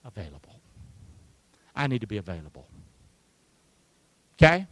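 A man preaching a sermon to his church, talking conversationally with rhetorical questions and swinging from hushed asides to loud, emphatic lines. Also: fairly low pitch, very animated, normal speed, no room sound. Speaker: pastor. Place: church sanctuary.

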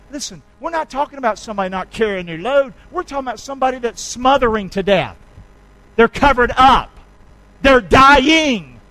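A male pastor preaching a sermon, leading his congregation in call-and-response and swinging from shouts to quiet asides. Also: high voice, rough recording. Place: church sanctuary.

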